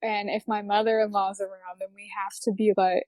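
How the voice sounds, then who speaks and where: A woman's voice: mid-range voice, flat delivery, brisk, darkish tone, dry recording. A woman hosting a casual chat with a fellow maker, giggly and self-deprecating, laughing often as she talks. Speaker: podcast host.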